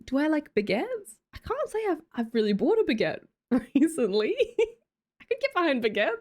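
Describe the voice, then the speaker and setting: A young woman with an Australian accent chats on her live stream, answering chat and thanking viewers with a teasing, laugh-filled and casually sweary manner. Her voice sits fairly high and swoops up and down animatedly. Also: sing-song, moderate pace, darkish tone. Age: young adult.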